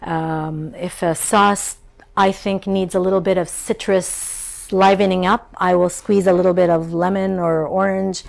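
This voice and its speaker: A middle-aged woman chef talks through memories in a lowish voice that turns gravelly and fry-laden at the ends of phrases. She tells her stories conversationally, sometimes acting out the voices of people she remembers. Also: flat delivery, a little slow. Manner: warm storytelling, acts out childhood voices. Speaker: chef and cookbook author. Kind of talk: interview conversation.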